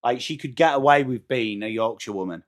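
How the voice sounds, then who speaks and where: A man from England with an English accent, hosting a live sports watchalong, chatting excitably with viewers between calls of the play. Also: medium pitch, brisk. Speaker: watchalong host.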